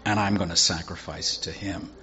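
A man's voice: deep voice, steady tone, normal speed, pushed and bright, dull audio, pitched below the performer's own voice. Naaman, a preacher doing a blunt army commander. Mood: sheepish. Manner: casual, exasperated retelling in modern slang. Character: Naaman, proud foreign military commander, blunt.

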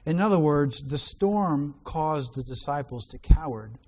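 Delivering a sermon at a measured pace, a man with a slightly high voice reads passages of scripture and unpacks their meaning. His reading is lively, growing loud whenever he reaches a quoted line.

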